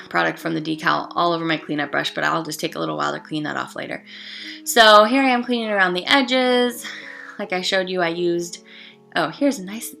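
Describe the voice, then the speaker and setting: A woman's voice: lowish voice, vocal fry, pushed and bright. A young woman talking through a casual nail art tutorial as a voice-over, chatty and rambling, with lots of fillers and asides.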